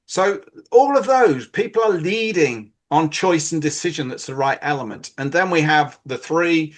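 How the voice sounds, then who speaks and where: Animated British man explaining coaching. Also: a little high, normal speed. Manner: explains with acted-out quotes of players and coaches. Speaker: podcast co-host, coach. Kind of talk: casual podcast discussion.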